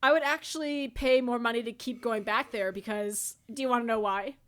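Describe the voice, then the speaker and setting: A young woman co-hosting a podcast in casual chat, firing back quick wisecracks and swearing casually. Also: on the high side, fairly bright tone. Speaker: podcast co-host.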